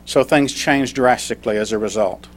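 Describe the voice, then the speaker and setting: A middle-aged man stands before a small club and tells a personal story in a prepared speech. His voice sits at an ordinary middle pitch, and he slows down for the lines he reads aloud. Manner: storytelling, reads a poem slowly. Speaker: club speaker.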